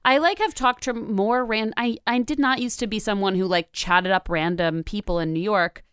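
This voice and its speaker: A woman co-hosting a casual podcast, upbeat and animated, quoting herself in funny asides. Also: medium pitch, normal speed, smooth, dry recording. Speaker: podcast co-host. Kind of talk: casual chat.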